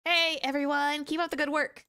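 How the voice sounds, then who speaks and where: A woman's voice: on the high side, steady tone, normal speed, recorded from a distance, noisy background, voice pushed up, lightly acted. Woman voicing a peppy young lawyer girl. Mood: cheerful. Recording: loud game music behind.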